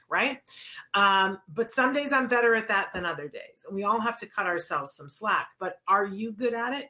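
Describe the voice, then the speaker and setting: A woman hosting a talk show, chatting casually with listeners in a rambling way and correcting herself as she goes. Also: on the low side. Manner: chatty, rambling, warm asides and self-corrections. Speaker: show host.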